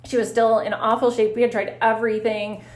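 A woman physical therapist telling stories in a casual interview, animated and quick to laugh. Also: on the high side. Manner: animated, laughs often, acts out her own reactions. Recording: roomy echo.

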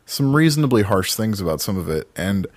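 A man's voice: on the low side, big pitch swings, fairly quick, no room sound. A man hosting a casual podcast chat, talking loosely with restarts and plenty of swearing. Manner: rambling, many restarts, swears freely. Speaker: podcast host.

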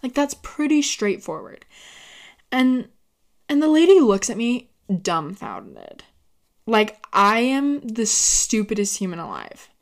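A young woman telling stories in a casual, chatty monologue, animated and rambling off on tangents. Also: fairly high pitch, slow pace, vocal fry.

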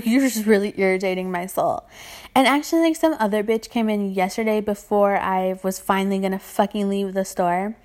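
A young woman who works in retail rants casually in a vlog, with a mid-range, darkish voice at a moderate pace that she herself calls annoying. She vents in an exasperated way, swearing a lot and using many filler words.

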